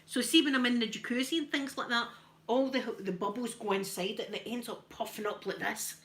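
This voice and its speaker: A woman's voice: fairly high pitch, fairly even intonation, a little fast. A Scottish woman chatting casually on a live stream, self-mocking and laughing often as she talks to her viewers. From Scotland. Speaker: livestream host.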